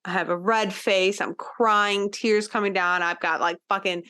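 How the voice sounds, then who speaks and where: A woman's voice: mid-range voice, fairly even intonation, unhurried, pushed and bright, smooth. A woman hosting a podcast, telling a personal story in a casual, emphatic way, with frequent fillers and the odd swear word. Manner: earnest, driving home lessons to the listener. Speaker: podcast host.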